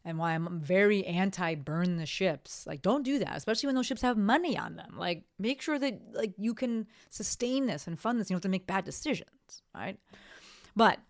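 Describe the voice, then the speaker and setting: Woman, podcast host, solo chat, swears freely, wanders off on tangents, medium pitch. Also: animated, moderate pace. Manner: blunt, profane, rambling with frequent "right?" tags. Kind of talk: casual solo podcast monologue.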